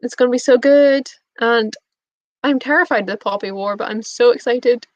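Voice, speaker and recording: A young woman, bubbly and prone to little laughs, chatting to her viewers in a fairly high voice. The sound is dry and close, with a dull, lo-fi stream quality. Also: moderate pace, no room sound. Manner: bubbly, giggly, reading out chat messages. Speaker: booktube streamer. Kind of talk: casual live-stream chat.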